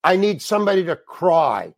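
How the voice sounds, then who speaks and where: A man playing a blunt, commanding film director with a raised, pushy pitch and a dry, close sound. He barks short, rapid-fire demands and brushes off any argument. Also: big pitch swings, dry recording, exaggerated voice. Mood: bossy. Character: brusque bossy male film director.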